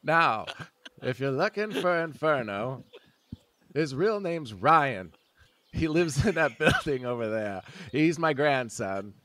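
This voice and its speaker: A man voicing a cranky, foul-mouthed old grandfather who is hard of hearing, with an animated, lively pitch. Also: slow, dry recording. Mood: indignant. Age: elderly figure. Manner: grumbling, foul-mouthed, feigns deafness.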